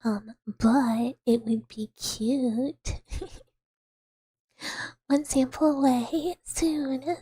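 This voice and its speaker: A woman VTuber streamer chatting with viewers in a soft ASMR whisper, rambling with fillers and giggles, close to the mic. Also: on the high side, slightly rough, no echo.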